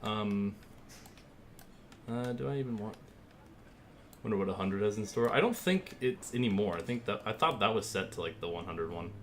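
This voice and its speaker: A man's voice: lowish voice, lively intonation, normal speed, pauses often, a bit bright, slight background noise. A man streaming casually, rambling with lots of fillers as he thinks aloud and thanks viewers while he works. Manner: rambling, filler-heavy, easygoing. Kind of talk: casual live-stream chat.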